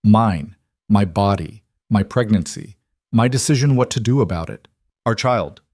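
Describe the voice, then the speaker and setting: A man's voice: fairly low pitch, expressive, measured pace, a little mellow, dry recording, studio quality. A man voicing a defiant pregnant young wife, cutting and bitter, in an audiobook reading.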